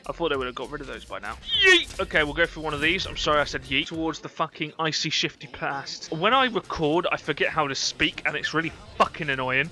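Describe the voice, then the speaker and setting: A young man giving excitable, sweary gameplay commentary at his computer. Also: fairly high pitch. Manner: excitable, sweary, easily startled. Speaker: gaming YouTuber.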